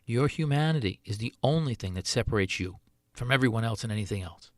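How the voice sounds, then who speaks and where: A man's voice: medium pitch, animated, quick pace, no echo, clean studio sound. A middle-aged man, a chef hosting his own podcast, talking earnestly in a solo monologue full of rhetorical questions.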